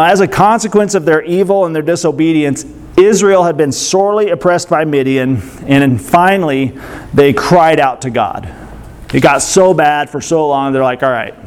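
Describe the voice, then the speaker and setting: Man preaching, a bit high-pitched. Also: darkish tone. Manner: reads scripture, then explains with rhetorical questions. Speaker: pastor. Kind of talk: sermon with Bible reading.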